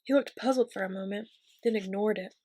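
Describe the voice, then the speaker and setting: A woman reading a fantasy novel aloud in an even, measured narration. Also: medium pitch. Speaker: reader. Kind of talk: audiobook reading.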